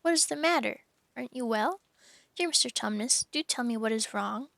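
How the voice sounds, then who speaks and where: A woman's voice: fairly high pitch, animated, moderate pace, gravelly, fairly bright tone, dry recording. A woman voicing an earnest, worried young girl who pleads and insists in a raised voice.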